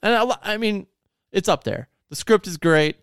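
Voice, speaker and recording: A man's voice: high-pitched, normal speed, fairly bright tone, clean tone, dry recording, clean studio sound. A man in casual chat, telling stories in a profane, sarcastic rant. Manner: profane, ranting, sarcastic storytelling.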